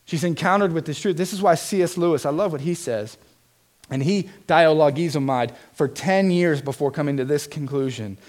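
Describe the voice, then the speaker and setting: A man's voice: fairly high pitch, normal speed, a little mellow. A man preaching a sermon as pastor, earnest and emphatic, putting direct questions to his congregation.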